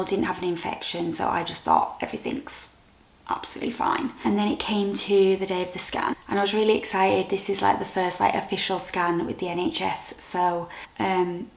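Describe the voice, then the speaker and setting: British woman, young, vlogging, soft and halting, candid, fry in the voice, echoey room. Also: on the low side. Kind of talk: personal story to camera.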